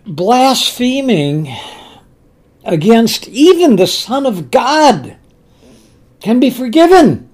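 A man preaching a sermon, telling scripture stories slowly and emphatically, often repeating his words. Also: extremely high pitch, very animated, a little mellow. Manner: earnest storytelling, slow and emphatic, with repeated words.

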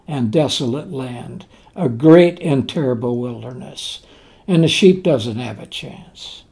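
Preacher, sermon on a parable: deliberate, mellow, folksy, emphatic repeats. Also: medium pitch. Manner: slow and deliberate, repeating key words for emphasis; folksy, conversational asides.

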